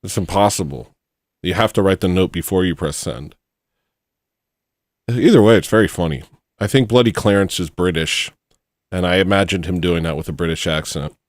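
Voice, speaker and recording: In a low voice at normal speed, broken by long pauses, a man hosting a livestream jokes and rambles while reading out super chats to thank viewers for donations. The sound is studio quality with no echo.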